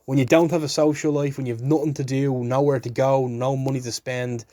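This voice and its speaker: Rambling man with a mellow voice. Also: medium pitch, little pitch movement, a little fast, dry recording, clean studio sound. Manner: rambling, swearing, casual, joking. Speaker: podcast host. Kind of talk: solo podcast monologue.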